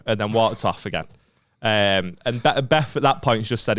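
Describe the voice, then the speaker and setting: A man's voice: on the low side, a bit bright, a little hiss or hum. A man from the north of England with a Northern English accent, co-hosting a podcast and telling a story in casual, sweary chat while acting out what people said. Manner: rapid anecdotal storytelling, swearing freely, acting out quoted lines. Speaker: podcast co-host.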